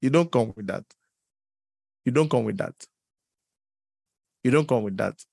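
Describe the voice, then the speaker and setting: A man preaching a sermon in an animated, teasing way, laughing often and leaping up in pitch. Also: a little slow, vocal fry, no echo, studio quality. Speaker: pastor.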